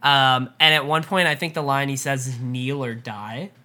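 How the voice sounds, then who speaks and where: A woman co-hosting a casual recap podcast, excited and quick to laugh as she talks through scenes with many fillers. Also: very deep voice, a crowd in the background. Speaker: podcast co-host.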